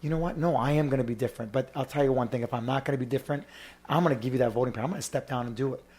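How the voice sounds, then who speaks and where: A man with a mid-range, darkish voice hosts a podcast and talks very fast in a heated political discussion. He argues with the emphatic passion of a campaign speech.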